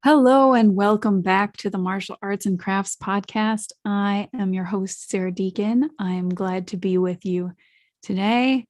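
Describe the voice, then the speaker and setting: A woman's voice: mid-range voice, fairly even intonation, measured pace. A woman hosting her own podcast in a solo monologue, reflective and asking the listeners questions. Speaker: podcast host.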